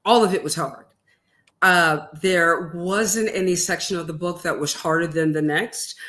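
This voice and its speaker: A woman talking as the guest author in an interview, earnest and reflective, pausing often with fillers. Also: on the low side, a bit bright. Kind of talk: live interview conversation.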